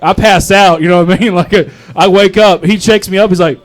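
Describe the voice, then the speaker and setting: A man's voice: high-pitched, steady tone, brisk. A young man from North Carolina doing a rambling, profane, self-mocking stand-up set at an open mic, often laughing at his own jokes. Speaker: stand-up comedian. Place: open mic comedy club.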